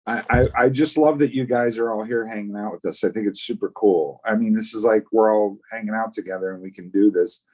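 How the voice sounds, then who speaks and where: Low-voiced rambling man co-hosting. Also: fairly quick, few pauses, darkish tone. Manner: rambling, repeats words when starting sentences. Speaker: podcast co-host. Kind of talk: casual live chat.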